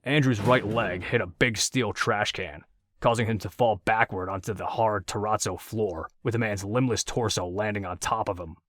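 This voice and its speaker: With a lowish voice, a male narrator reads an audiobook at a steady, measured pace. His sound is close-miked and dry, free of room echo.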